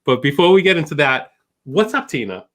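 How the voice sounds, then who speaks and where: A man's voice: on the high side, big pitch swings, a little fast, a bit bright. A man with a Boston accent hosting a casual live-stream chat, joking and rambling with frequent restarts. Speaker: host.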